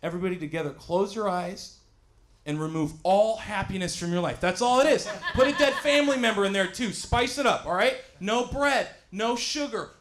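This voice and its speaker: Stand-up comic, thirties, high voice, yells bits, faint room hiss. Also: male voice, animated, normal speed. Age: 30s. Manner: loud, yelling bits, self-mocking. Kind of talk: stand-up comedy set. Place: small studio stage with live audience.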